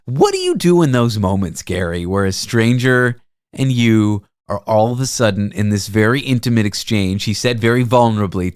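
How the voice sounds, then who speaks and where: Animated male host telling a story. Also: on the low side, moderate pace, smooth, no room sound, studio quality. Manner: animated, self-deprecating anecdote telling. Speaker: radio show host. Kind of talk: casual storytelling chat.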